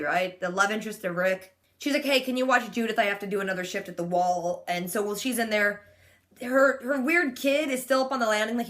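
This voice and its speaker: Chatty sarcastic young woman, bright pitch. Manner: sarcastic, chatty, heavy use of "like". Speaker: vlogger. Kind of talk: casual TV episode recap.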